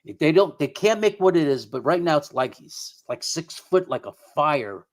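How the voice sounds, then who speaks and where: A man's voice: fairly high pitch, big pitch swings, normal speed. A middle-aged man, a paranormal investigator guest, telling a story in a rambling way, often repeating and restarting his words. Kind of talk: conversational storytelling.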